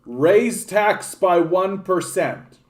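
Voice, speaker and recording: A Canadian man voicing a smug, hollow government politician who makes slow, mock-solemn announcements. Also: high voice, expressive, darkish tone, voice pushed up, exaggerated voice.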